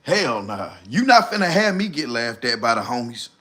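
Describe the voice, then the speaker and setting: A man roasting people on his livestream, animated and loud at times. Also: medium pitch, normal speed. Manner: animated, shouting impressions. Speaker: streamer host.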